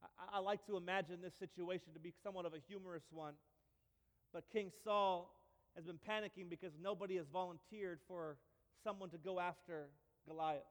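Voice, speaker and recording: A male pastor giving a sermon in a church, telling stories with lively humor and repeated phrases. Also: high-pitched, fairly quick, in a large hall. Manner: animated storytelling with repeats and humor.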